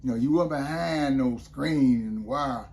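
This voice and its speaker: Speaking at a normal speed in a medium-pitched, creaky, slightly mellow voice, an older man recalls his time in prison. He is a former prisoner and interview guest whose casual storytelling rambles, and he frequently checks in with "you know what I mean".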